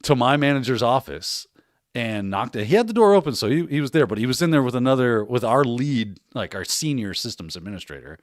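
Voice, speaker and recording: Lively, animated male livestream host. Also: mid-range voice, brisk, no echo, clean studio sound. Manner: animated, laughing storyteller who acts out quotes. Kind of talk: casual storytelling on a livestream.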